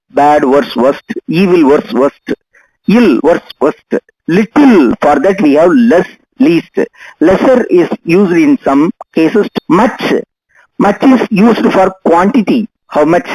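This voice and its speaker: A man teaching an English grammar lesson, speaking slowly and deliberately, spelling out letters and repeating each example word. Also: on the high side, a little mellow, slightly rough, dry recording, low-quality recording.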